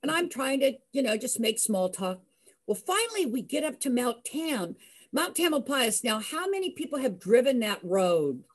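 An older woman telling a personal story in a lively way, acting out the voices of the people in it. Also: on the high side, normal speed. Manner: lively, acts out voices, laughs. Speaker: storyteller host.

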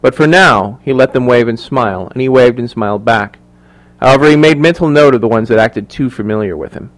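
A man narrating a thriller audiobook in measured, even storytelling. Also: mid-range voice. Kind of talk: scripted narration.

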